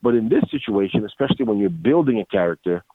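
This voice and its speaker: Casting note: lower-voiced man, lively storyteller, dry phone-like audio. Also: fast, slightly rough, no echo. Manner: animated storyteller, acts out quotes, many restarts. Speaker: voice actor guest. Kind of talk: casual interview. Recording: dry tinny phone-like line.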